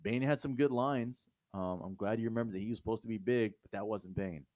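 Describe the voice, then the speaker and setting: A man's voice: on the low side, fairly quick, a little mellow, dry recording. A man co-hosting a podcast, talking in a blunt, profane, emphatic way in casual, opinionated chat. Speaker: podcast co-host.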